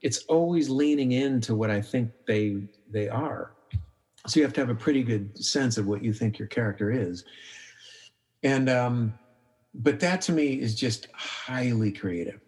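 A man's voice: medium pitch, unhurried. A middle-aged man, a documentary filmmaker, talking casually in a podcast interview, telling stories and acting out his own thoughts, with many restarts. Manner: animated storyteller, acts out his own inner voice; frequent restarts and filler "like".

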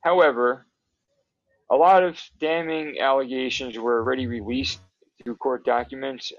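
A man's voice: mid-range voice, fairly even intonation, normal speed, dry recording. A man co-hosting a podcast, teasing his friend with profane, casual banter and calling him bro. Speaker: podcast co-host. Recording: dull lo-fi recording.

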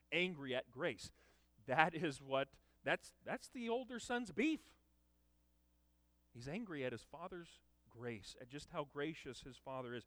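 A man preaching a sermon, emphatic, with loud dramatic peaks. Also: mid-range voice, dry recording. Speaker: pastor.

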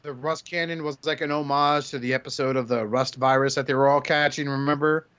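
A man's voice: mid-range voice, steady tone, brisk, a bit bright, clean tone, no room sound, dull audio. A man hosting a casual podcast, retelling movie scenes in a crude joking way. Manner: crude joking retelling with put-on character voices. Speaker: podcast host.

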